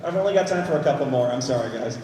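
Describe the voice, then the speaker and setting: A man's voice: medium pitch, lively intonation, racing, very noisy. A man hosting a live convention Q&A, ranting animatedly and swearing often. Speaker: convention panel host. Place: large convention hall. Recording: echoey hall, distant mic, audience.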